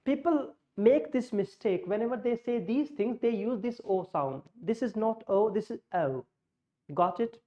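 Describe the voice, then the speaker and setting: A woman teaching pronunciation, slowly modeling vowel sounds against each other. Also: fairly high pitch, animated, warm tone. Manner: slow, explanatory, models sounds in contrast. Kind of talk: pronunciation lesson with slides. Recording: muffled lo-fi audio.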